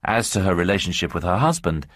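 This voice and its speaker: A man narrating a short story in a measured storytelling manner. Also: deep voice, big pitch swings, fairly bright tone, dry recording, clean studio sound.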